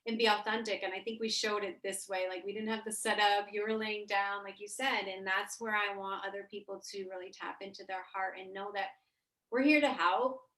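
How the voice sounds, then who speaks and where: A woman's voice: medium pitch, steady tone, fairly quick, fairly bright tone, roomy sound, poor audio. A woman co-hosting a casual spiritual heart-to-heart chat, emotive and swearing freely. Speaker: co-host.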